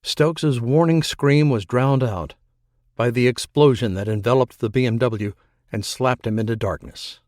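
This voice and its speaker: A man in measured scripted narration of an audiobook thriller. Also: mid-range voice, no echo, clean studio sound. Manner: measured, even storytelling.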